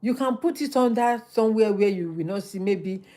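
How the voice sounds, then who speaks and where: Animated woman giving life advice. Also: medium pitch, moderate pace. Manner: animated, preachy, repeats phrases for emphasis. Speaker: livestream host. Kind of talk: motivational livestream talk.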